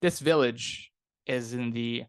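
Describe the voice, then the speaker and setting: A man narrating a tabletop game as game master, in a relaxed, rambling manner. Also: medium pitch, takes it slowly, smooth, no echo. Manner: relaxed and rambling, with many fillers.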